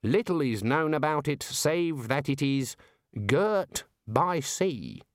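A man doing a fussy bookish male wizard, slightly raised pitch, slow careful reading. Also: very animated, dry recording, studio quality. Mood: pedantic.

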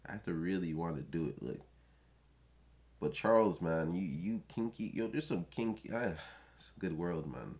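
A man's voice: deep voice, animated, moderate pace, darkish tone, husky. Blunt, profane man ranting to camera. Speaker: vlogger giving advice. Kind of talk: casual rant to camera.

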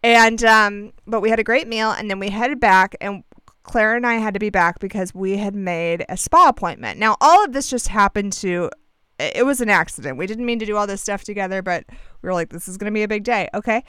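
A woman's voice: medium pitch, fairly quick, bright, forceful tone, clean tone, no room sound, clean studio sound. A woman in her thirties casually telling a travel story, sarcastic and self-deprecating, acting out the voices of friends.

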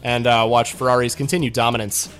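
A man's voice: medium pitch, flat delivery, fast, a bit bright, faint music behind. A man hosting a podcast in casual chat, rambling with lots of fillers and restarts. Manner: rambling, filler-heavy, self-correcting. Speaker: podcast host.

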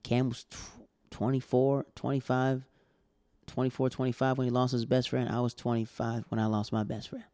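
A man's voice: medium pitch, monotone, normal speed, warm tone, smooth, no room sound, studio quality. A man in his thirties, a stand-up comedian, telling a heartfelt story in a rambling way and repeating himself. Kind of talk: casual storytelling.

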